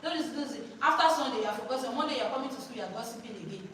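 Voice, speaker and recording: Far from the mic in a noisy, echoey hall, a woman leads a teacher training workshop, drilling the room call-and-response style and prompting listeners to finish her sentences. Her voice is on the high side and fairly bright, with lively intonation and a racing pace.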